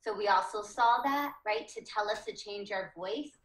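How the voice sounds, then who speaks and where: A woman's voice: medium pitch, moderate pace, a bit bright, roomy sound, rough recording. A woman teaching a reading lesson to children, asking the class questions and encouraging them.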